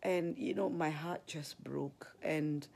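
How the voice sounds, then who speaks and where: A woman with a Kenyan accent, chatting on a live stream, very expressive and gasping as she tells stories. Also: sits low, slow, gravelly, husky. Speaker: ministry leader. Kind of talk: casual live-stream chat.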